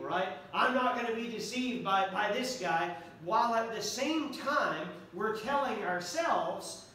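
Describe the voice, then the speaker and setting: A pastor preaching a sermon earnestly, repeating key phrases for emphasis. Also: male voice, high voice, a little slow, few pauses, sharp tone, a little hiss or hum. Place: church sanctuary. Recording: echoey church hall from far off.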